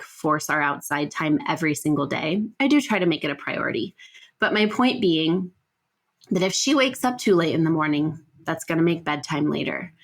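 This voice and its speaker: A woman in her thirties, hosting a podcast and telling a personal story in a casual, chatty way, with frequent self-corrections. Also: fairly low pitch. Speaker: podcast host.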